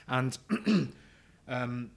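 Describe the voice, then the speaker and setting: A man with a rural Herefordshire accent chats on a podcast. He is frank, self-mocking and swears freely while he tells a story in a relaxed, casual way. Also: mid-range voice, drawn-out words, gravelly. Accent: Herefordshire English. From England. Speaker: podcast guest.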